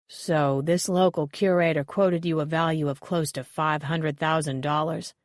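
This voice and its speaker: A woman reading the part of a stern, no-nonsense male police detective who questions in a slow, measured way. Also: low-pitched, steady tone, no room sound, studio quality.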